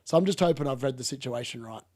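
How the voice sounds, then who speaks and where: A man hosting a live football watchalong, chatting casually and reacting excitedly to the game. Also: medium pitch, quick pace. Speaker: watchalong host.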